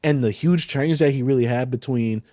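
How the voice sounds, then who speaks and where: A man's voice: medium pitch, moderate pace, no echo, studio quality. A man co-hosting a podcast, chatting casually about an album and acting out his reactions. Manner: animated, quotes lyrics and acts out reactions. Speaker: podcast co-host. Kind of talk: casual album review chat.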